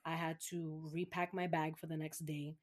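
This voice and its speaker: A woman's voice: low-pitched, little pitch movement, normal speed. A young woman from Massachusetts, talking candidly and with swearing in a casual podcast chat, acting out what others said. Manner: candid and profane, acts out quoted voices.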